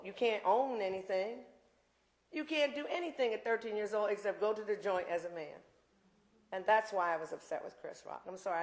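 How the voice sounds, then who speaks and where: Woman in her sixties, speaker at a campus talk, blunt and fired up, rambles with asides, roomy hall sound. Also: medium pitch. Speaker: invited speaker. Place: university lecture room.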